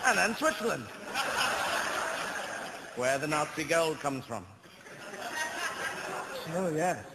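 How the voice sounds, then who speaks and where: A man's voice: a little high, big pitch swings, takes it slowly, pauses often. A British man doing a stand-up routine on stage, rambling through surreal asides in front of a live audience. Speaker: stand-up comedian. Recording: live stage recording with crowd noise.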